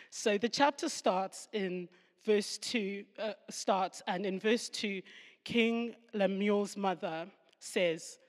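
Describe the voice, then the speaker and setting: Southern African woman teaching in a reverberant hall. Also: mid-range voice. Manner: warm humorous asides, laughs at herself. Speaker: Bible teacher. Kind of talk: devotional Bible talk.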